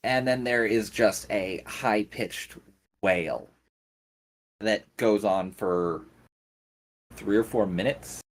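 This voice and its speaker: As game master of a tabletop role-playing game, a man with a lowish voice narrates at a slow, unhurried pace. Each scene is described deliberately, one beat at a time.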